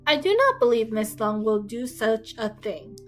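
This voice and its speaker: A woman voicing a fretful, excitable middle-aged mother, complaining in a shrill, fussy way. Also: moderate pace, soft background music, rough recording. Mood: fussing.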